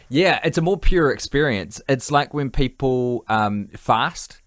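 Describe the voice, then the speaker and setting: A man's voice: medium pitch, expressive, takes it slowly, no echo. Tired, jokey New man, dry close mic. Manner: jokey, rambling, swears casually. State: tired and hungry. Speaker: podcast co-host. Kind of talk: casual chat.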